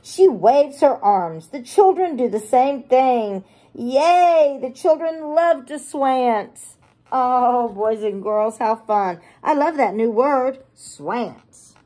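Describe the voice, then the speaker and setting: A preschool teacher reading a picture book aloud to young children, animated and gushing as she talks to them. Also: high voice, slow pace.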